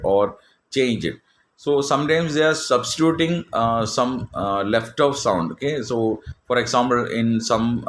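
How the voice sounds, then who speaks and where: A man's voice: mid-range voice, fairly bright tone. A man giving a recorded lecture, hesitant with many fillers and frequent "okay". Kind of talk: slide-based lecture. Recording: screen recording, faint background noise.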